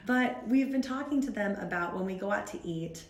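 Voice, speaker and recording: A woman's voice: medium pitch, normal speed. Woman podcast guest, 30s, earnest and chatty storyteller, recorded in an echoey room. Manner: earnest, rambling, animated storyteller. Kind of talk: faith-based podcast conversation.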